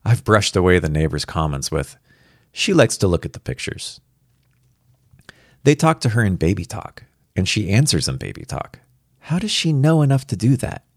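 A man reading a first-person story aloud as a worried father, in an earnest, reflective and quietly anxious way. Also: low-pitched, no echo, studio quality.

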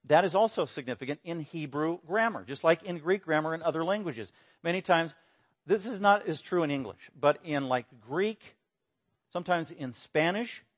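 A man preaching a sermon, emphatic, swinging between loud exclamations and quiet explanation. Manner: emphatic, rising to loud exclamations then dropping low. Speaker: pastor.

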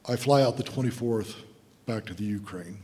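A man's voice: fairly low pitch, normal speed, a little mellow. Preaching man in a reverberant hall. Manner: emotional storytelling addressing listeners as guys. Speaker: guest preacher. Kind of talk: sermon testimony.

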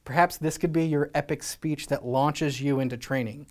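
A man's voice: on the high side, steady tone, normal speed, darkish tone. Earnest male pastor preaching. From Scotland. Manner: earnest, exhorting, rhetorical questions. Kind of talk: sermon.

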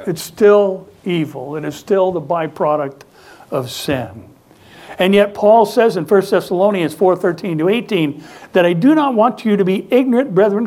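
A man with a high voice preaches a sermon in a church. He speaks with strong emphasis and prompts the congregation to call out responses. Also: darkish tone. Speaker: pastor. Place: church sanctuary.

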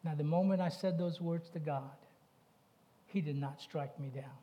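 A man's voice: fairly high pitch, normal speed, highs cut off. A middle-aged man preaching a sermon, talking conversationally and asking the congregation questions. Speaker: pastor.

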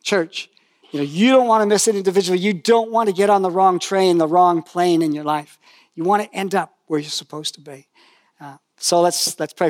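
Older male preacher, high-pitched and chatty, dry close-miked sound, storytelling sermon with humor. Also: moderate pace, no room sound. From lived in New Zealand for decades.

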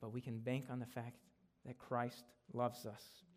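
A man preaching a sermon in a casual, conversational way, shifting into loud, emphatic declarations when he reads scripture. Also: mid-range voice, completely flat delivery, measured pace. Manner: casual, conversational preaching with frequent "right?" and "guys". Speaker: guest preacher.

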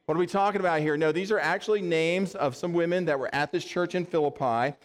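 A man's voice: fairly high pitch, fast, in a large hall. A male pastor giving a conversational sermon, explaining scripture and asking the congregation rhetorical questions.

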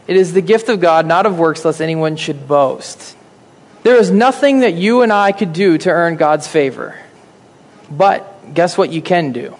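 A man's voice: high voice, long reverb tail. A man preaching a sermon, emphatic and asking his listeners questions.

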